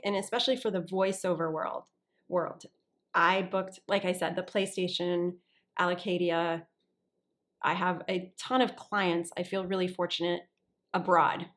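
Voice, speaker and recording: A woman who works as an actor and voiceover artist, chatting as a guest in an interview, often restarting sentences and checking that the listener follows. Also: on the low side. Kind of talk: casual interview talk.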